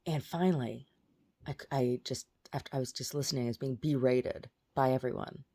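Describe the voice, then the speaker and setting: A woman's voice: very deep voice, fairly even intonation, a little fast, dark tone. A woman telling about a strange dream in a casual vlog, rambling with many fillers and restarts. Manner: baby talk to her pet dog. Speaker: vlogger.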